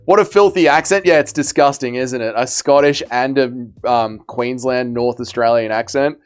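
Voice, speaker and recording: A man's voice: medium pitch, normal speed, clear, resonant tone. A man hosting a casual fight livestream, bantering with chat, reading out messages and swearing freely. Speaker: livestream host.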